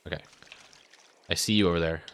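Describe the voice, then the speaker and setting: A man streaming a video game live. He gives casual, excitable commentary full of sudden whoops and rambling self-corrections. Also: deep voice, a little fast, creaky, clear, resonant tone.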